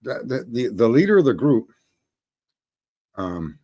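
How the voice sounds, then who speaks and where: A man's voice: mid-range voice, very animated, unhurried, warm tone. A middle-aged man telling a long story in a crude, swaggering, casual way, swearing often and laughing at his own jokes. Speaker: show host telling a story.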